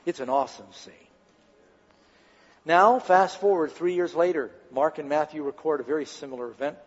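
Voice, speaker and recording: A man preaching a sermon with a high, husky voice, and he tells the story with dramatic flair and asks the congregation rhetorical questions. The recording is dull and lo-fi, with a long reverb trailing each phrase. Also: normal speed. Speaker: pastor.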